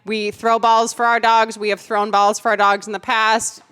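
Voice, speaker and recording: A woman hosts a casual podcast in a chatty, bubbly way. Her voice sits fairly high and sounds very bright. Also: flat delivery, moderate pace, clear, resonant tone. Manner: bubbly, chatty, laughs often. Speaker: podcast co-host. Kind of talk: casual chat.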